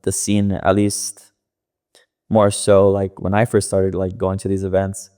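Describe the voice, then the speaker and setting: Man, low voice, from los angeles, podcast guest, casual profane storytelling, lots of fillers. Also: monotone, measured pace, warm tone, clear, resonant tone. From Los Angeles area. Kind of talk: casual interview talk.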